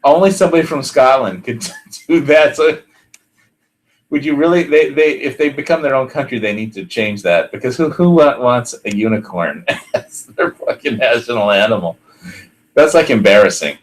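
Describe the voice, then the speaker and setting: A man's voice: mid-range voice, animated, moderate pace, low-quality recording. A man hosting a podcast in casual chat, rambling with many fillers and restarts and laughing often. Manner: laughs often while talking. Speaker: podcast host.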